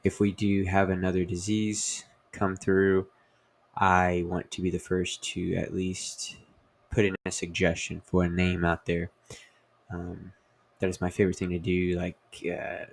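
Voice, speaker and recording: Young man, deep voice, vocal fry, rambling comedy host, lots of fillers, self-corrections. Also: completely flat delivery, unhurried. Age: young adult. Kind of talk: casual rambling monologue.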